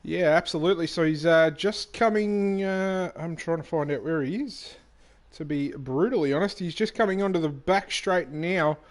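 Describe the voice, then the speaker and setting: Casting: male racing co-commentator, fairly high voice, easygoing, chatty, filler-heavy delivery. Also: normal speed. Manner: relaxed, many fillers and restarts, says "mate". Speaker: co-commentator and league driver. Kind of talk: casual sim racing commentary.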